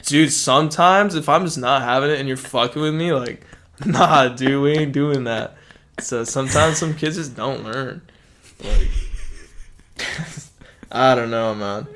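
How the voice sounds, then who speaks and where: A man's voice: mid-range voice, fairly bright tone, slight background noise. Young male podcast host, loose and profane, storyteller who voices quotes. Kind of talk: casual chat.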